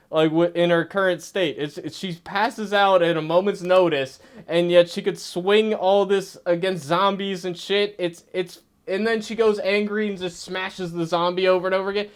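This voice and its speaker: A man ranting in a casual review vlog, sarcastic and full of swearing, with frequent laughs. His voice sits high and sounds smooth and clean. He talks loosely, like chatting with friends. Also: normal speed. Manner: sarcastic, profane, laughing rants. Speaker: TV show reviewer.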